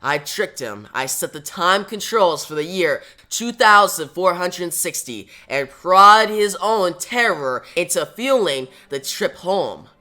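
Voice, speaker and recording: A man's voice: high-pitched, lively intonation, slow, hardly any pauses, sharp tone, heavily acted. A man reading the lines of a young male speedster hero from a comic, in nearly his own voice. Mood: relieved.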